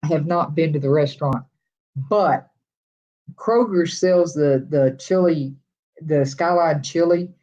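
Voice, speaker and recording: A woman's voice: low voice, slow, warm tone, dull audio. A middle-aged woman with a Texas accent chatting casually with live viewers, rambling from one thought to the next. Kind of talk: casual live-stream chat.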